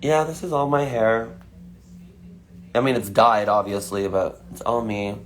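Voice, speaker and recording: A man's voice: on the low side, fairly even intonation, measured pace. A man chatting casually on a phone livestream, answering fan questions with lots of fillers. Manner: chatty, filler-heavy, frequent "like".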